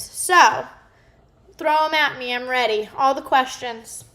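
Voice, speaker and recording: Bright, goofy woman. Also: high voice, takes it slowly, roomy sound. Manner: goofy, rambling, chatty. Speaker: vlogger cooking live. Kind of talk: casual livestream chat while cooking. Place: home kitchen.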